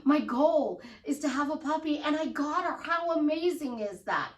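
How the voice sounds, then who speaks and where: A woman with a high voice gives a bubbly motivational talk as a life coach. She acts out excited affirmations as she goes. Her voice sits a little back from the mic in a roomy, echoing space. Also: normal speed, hardly any pauses, far from the mic.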